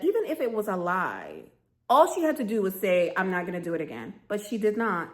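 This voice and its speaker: A woman's voice: mid-range voice, very animated, a little fast. A woman giving sassy, casual reaction commentary on a reality show, talking straight to the cast members.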